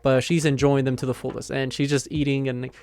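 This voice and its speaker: Man, casual reviewer, rambling with fillers, amused, mid pitch, soft music behind. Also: flat delivery, brisk. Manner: rambling, heavy on "like" and "you know" fillers; amused, laughs while retelling. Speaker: manga chapter reviewer. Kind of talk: casual spoken recap.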